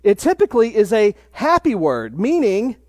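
A man preaching a sermon in a measured way, dropping to a hush for emphasis. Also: sits high, huge pitch swings, no room sound, studio quality. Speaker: pastor.

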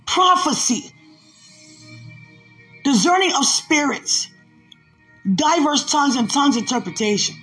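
A woman's voice: high voice, expressive, measured pace, long pauses, a bit bright, faint music behind. A woman hosting a devotional podcast, laughing often and talking aloud to God between emphatic, preachy lines. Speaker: podcast host.

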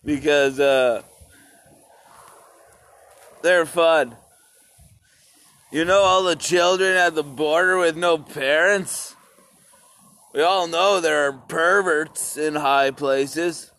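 A man records his podcast outdoors and talks slowly, drifting from thought to thought. His voice sits a little high. He swears casually and speaks straight to his listeners. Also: fairly bright tone. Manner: rambling and profane, addresses listeners as "peoples". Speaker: podcast host. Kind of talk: casual solo podcast monologue.

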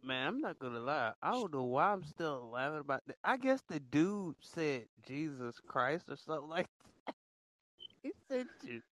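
A man's voice: a little high, very animated, moderate pace, a bit bright. A young man in casual voice chat, talking in slang and laughing through his words. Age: young adult. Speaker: chat room participant.

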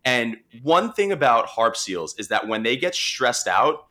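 Bright-voiced man with a Long Island accent. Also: medium pitch, very animated, a little slow. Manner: chatty, many restarts and fillers. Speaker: marine mammal responder. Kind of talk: casual storytelling conversation.

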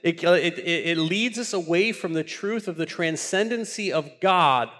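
Impassioned preaching man, higher voice. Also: measured pace, fairly bright tone. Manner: impassioned preaching, repeats words when building up. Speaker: pastor. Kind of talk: sermon.

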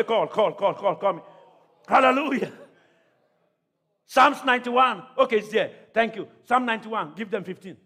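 A man preaching a sermon to a church congregation, calling out questions to the crowd and often shouting. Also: high-pitched, normal speed. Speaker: pastor.

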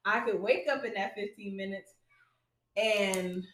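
Bright animated woman in an echoey room. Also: unhurried. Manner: animated storyteller, laughs often, acts out quotes in a high voice. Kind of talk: casual chat.

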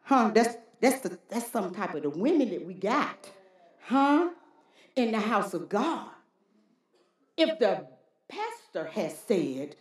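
A woman preacher delivering a folksy, animated sermon with call-and-response, in a church. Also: mid-range voice, slow pace, pauses often. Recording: roomy church hall echo.

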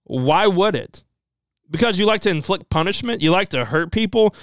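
A man's voice: high voice, expressive, moderate pace, smooth, no echo. A man voicing a menacing wrestler delivering a brooding threat. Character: menacing male wrestler cutting a threat promo.

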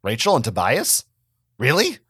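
A man's voice: medium pitch, huge pitch swings, unhurried, fairly bright tone, breathy edge, no room sound, clean studio sound, exaggerated voice. A man voicing a flustered teenage leader. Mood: defensive. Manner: defensive, earnest. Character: flustered teenage boy, serious squad leader. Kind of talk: dramatic fan-fiction reading.

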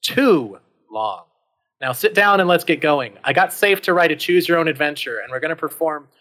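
A woman's voice: sits low, expressive, moderate pace, a bit bright. A man voicing a bossy, impatient female producer who scolds the crew.

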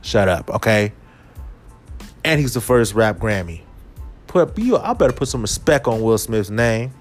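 Man, podcast host, animated comedic rant, faint music behind. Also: a little slow. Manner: animated, swings pitch and volume, drops to a low put-on voice at times.

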